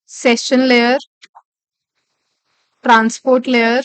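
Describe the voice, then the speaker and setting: A woman instructor with a high, clean, level-toned voice draws out her words as she teaches a live online class point by point. Key phrases get repeated, and she often checks in by saying "okay." The sound is close-miked and dry, with no echo.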